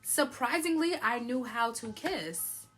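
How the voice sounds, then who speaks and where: Faint music plays behind a young woman vlogger whose fairly high, somewhat bright voice moves at a measured pace with lively intonation. Slightly tipsy from wine, she chats casually through a personal story, laughing often and saying "like" a lot.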